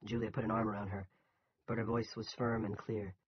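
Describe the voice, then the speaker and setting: A man narrating a novel as an audiobook in a steady storytelling manner. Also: fairly low pitch, brisk, husky, lo-fi sound.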